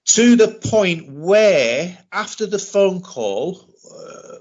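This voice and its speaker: A middle-aged British man telling a personal story in an interview, halting and often repeating himself as he restarts. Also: high voice, sing-song. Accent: British English. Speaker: interview guest. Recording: dull lo-fi recording.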